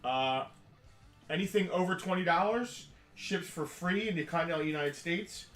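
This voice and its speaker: A man's voice: a little high, moderate pace, a bit bright, soft background music. A man co-hosting a live toy sale, chatting casually and explaining at length. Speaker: co-host and toy seller. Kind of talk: casual live-stream sales chat. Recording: echoey room, mic at a distance.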